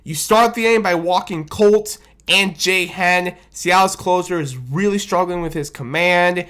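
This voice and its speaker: A man giving a casual, animated recap of his team's loss as a fan commentator, self-deprecating and rambling, talking into a desk microphone. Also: high voice, measured pace. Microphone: desk microphone on camera.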